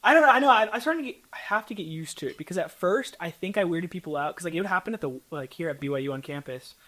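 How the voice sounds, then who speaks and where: Young man, American accent, quick talker, casual interview guest, animated storyteller. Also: high-pitched. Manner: animated storytelling, acts out quoted people. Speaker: content creator guest.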